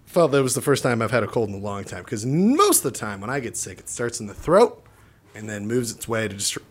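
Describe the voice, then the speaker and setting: Animated, rambling man joking with a co-host. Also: fairly low pitch, fairly quick, breathy edge. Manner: rambling, joking, swears freely. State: has the hiccups. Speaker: podcast co-host. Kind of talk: casual comedic chat.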